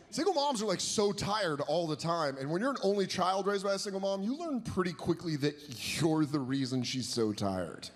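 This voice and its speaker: A young man doing a profane, animated stand-up routine on stage, jumping into exaggerated quoted voices. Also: high-pitched, moderate pace. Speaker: stand-up comedian. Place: stage before a live audience. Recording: live show with audience noise.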